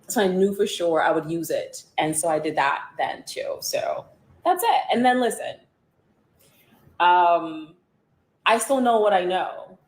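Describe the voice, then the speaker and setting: A woman with a lowish voice tells candid stories from her media career. She talks bluntly and with sarcasm, cursing freely, and the echo of the room rings around her. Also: lively intonation, measured pace. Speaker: media personality and author. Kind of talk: candid interview storytelling.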